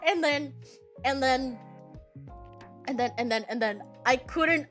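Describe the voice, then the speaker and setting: A young woman streamer in excited casual chat, gushing and swearing, repeating herself with bursts of laughter. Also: a little high, normal speed, faint music behind.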